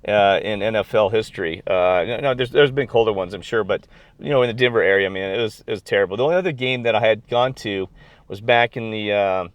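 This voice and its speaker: Rambling, excitable middle-aged man in a dry room. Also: on the low side, brisk, dry recording, muffled recording. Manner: rambling, excitable, many fillers and restarts. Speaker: video blogger. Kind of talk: casual chat.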